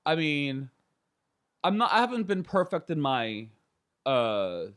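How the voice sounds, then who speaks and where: Lively, candid man in his thirties. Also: fairly high pitch, slow, clear, resonant tone, no room sound, studio quality. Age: 30s. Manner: candid and animated, laughing and acting out voices. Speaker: podcast guest. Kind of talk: casual conversation.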